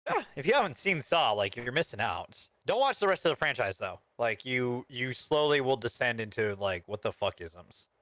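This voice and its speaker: A man with a bright, forceful voice chats casually about films as a podcast co-host. He swears freely and slips in dry jokes. The sound is dry and close, with no room in it. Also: mid-range voice, very animated, moderate pace, few pauses, no echo. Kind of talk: casual movie review chat.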